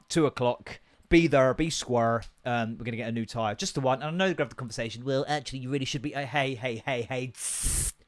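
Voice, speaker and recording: A young English man rants on his podcast, swearing freely and hopping from one topic to the next. His voice sits a little high for a man. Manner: sweary, animated, jumps between topics. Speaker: podcast host. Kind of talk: casual ranting monologue.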